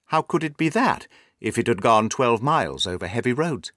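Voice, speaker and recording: Man voicing a calm, quietly sure detective. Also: medium pitch, normal speed, no room sound, clean studio sound. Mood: assured. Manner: quiet and assured.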